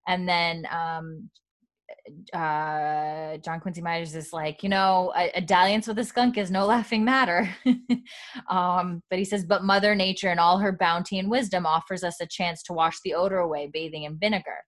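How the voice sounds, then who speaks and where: A woman's voice: lowish voice, fairly even intonation, normal speed. A woman hosting a casual podcast chat, retelling scenes with quoted lines, many fillers and frequent laughs. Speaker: podcast host recapping a TV episode.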